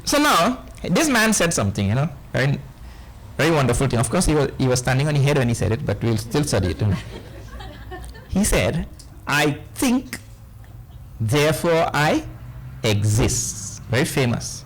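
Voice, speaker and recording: A man with a Trinidadian accent giving a spiritual discourse to a live audience, animated and often quizzing his listeners. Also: medium pitch, normal speed, pauses often, a little hiss or hum, low-quality recording. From Trinidad and Tobago. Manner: animated, questioning listeners, playful asides. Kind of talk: lively lecture on scripture.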